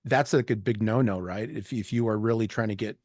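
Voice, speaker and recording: A man hosting a podcast, speaking in a somewhat low voice. The recording is dry and close-miked. He chimes in with relaxed, agreeable remarks. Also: brisk, dry recording. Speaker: podcast host. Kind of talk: casual interview chat.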